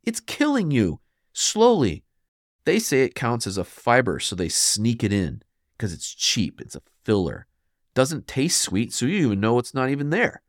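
A man's voice: medium pitch, big pitch swings, moderate pace, no room sound, clean studio sound. A man hosting a solo health podcast, talking emphatically and scolding the listener, now and then mimicking what people think. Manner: mimics listeners in quoted asides. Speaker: podcast host.

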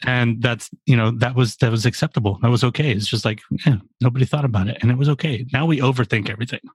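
A man's voice: medium pitch, fairly even intonation, fast talker, breathy edge, no echo. A man in his forties in a casual podcast chat, rambling and profane with lots of fillers. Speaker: podcast co-host.

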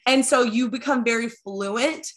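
A woman's voice: on the high side, measured pace. A woman with a Southern US accent hosting a podcast, chatting in a gushing, casual way. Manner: gushing, chatty, many likes. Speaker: podcast host. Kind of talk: casual chat.

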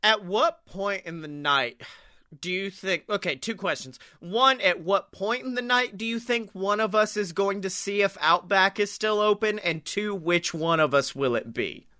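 Young male comedy podcast co-host. High, dry, close sound; lively, profane storyteller. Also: normal speed, dry recording. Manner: animated storyteller, swears freely, acts out quotes. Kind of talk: casual comedic chat.

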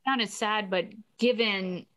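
A woman chatting casually about a TV episode, laughing readily and quickly quoting characters. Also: mid-range voice, fairly bright tone. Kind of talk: casual chat recapping a TV episode.

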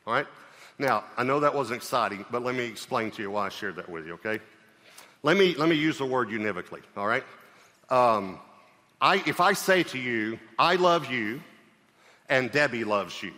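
A man preaching to his congregation, his voice bright and forceful as it rings out into a long church reverb. He talks in a conversational, emphatic way and keeps asking whether everyone is following him. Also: mid-range voice, animated, brisk. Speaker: pastor. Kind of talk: sermon. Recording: long reverb of a large hall.

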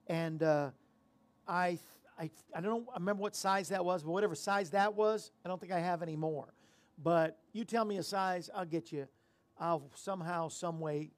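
High-voiced guy hosting a chatty talk show, rambles and pokes fun at himself, dry sound. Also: dry recording. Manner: rambling, self-deprecating, chatty. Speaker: show host. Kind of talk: casual talk-show chat with jokes.

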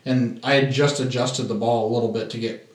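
Male podcast co-host, relaxed explainer, recorded off-mic in a roomy space. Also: mid-range voice, brisk, distant mic. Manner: laid-back, explains things plainly with casual swearing. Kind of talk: casual chat.

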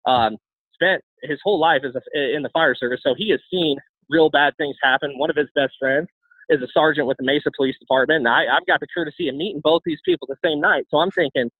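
A man candidly telling his own life story as an interview guest, talking rapidly with frequent restarts and repeated words. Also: a little high, expressive, no room sound. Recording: tinny phone-like sound, dry.

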